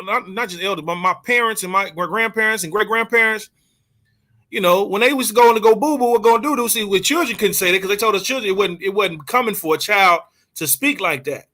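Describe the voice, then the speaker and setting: A man talks in casual chat, telling a story with a lot of animation and laughing as he goes. His voice sits high and sounds bright and forceful, and he sometimes stops to hunt for a word. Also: a little fast. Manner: animated storyteller, laughs often, searches for words. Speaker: co-host.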